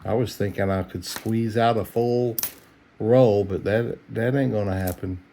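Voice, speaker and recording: A man's voice: fairly low pitch, steady tone, a little slow, mellow, slight background noise. A middle-aged man, tired and yawning, chatting in an easygoing, folksy way while he searches coin rolls late at night at home. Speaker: coin roll hunter. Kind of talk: casual narration while searching coins.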